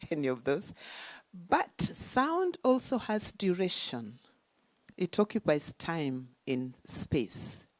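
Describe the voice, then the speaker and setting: Low-voiced woman giving a symposium talk, asks rhetorical questions, dry close sound. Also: darkish tone, no room sound. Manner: deliberate, rhetorical questions, emphatic. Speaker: symposium speaker. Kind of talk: academic talk. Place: conference venue.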